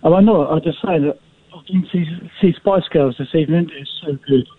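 A man's voice: fairly high pitch, brisk, slightly rough, no echo. Gushing male caller on a phone line. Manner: gushing, enthusiastic. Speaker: radio caller. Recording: dry tinny phone line.

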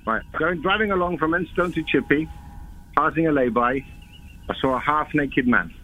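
A man's voice: on the high side, moderate pace. A man calling in to a radio show and telling a story in a plain, matter-of-fact way. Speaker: caller. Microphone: telephone. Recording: tinny phone line.

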